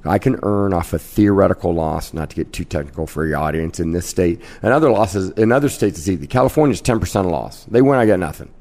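A man in his fifties, originally from Kansas, spins brash, animated anecdotes about his casino-host career in a podcast interview. His voice sits very low and carries a rough, gravelly edge. He talks with swagger and punchy timing. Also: fast talker, hardly any pauses.

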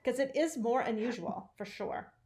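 A woman's voice: fairly high pitch, moderate pace. A middle-aged woman hosting a candid conversation about grief, frank and wry as she tells stories. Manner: frank, wry, animated storytelling. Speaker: podcast host.

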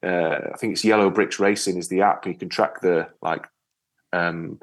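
A man from with a fairly low voice, talking as a guest in a relaxed interview. He is a lively storyteller who slips into the voices of the people he describes. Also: normal speed. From Yorkshire, England. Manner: storytelling, lively, animated re-enactments. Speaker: guest, ocean rower. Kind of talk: casual interview chat.

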